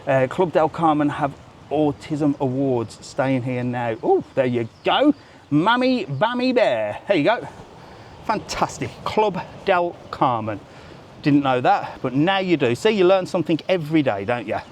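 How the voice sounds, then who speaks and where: A middle-aged Englishman hosts a casual live stream while walking outdoors by a seafront road and beach, chatting away, swearing freely and teasing passers-by. His voice is a little high and mellow, with lively intonation and a moderate pace, and there's slight background noise.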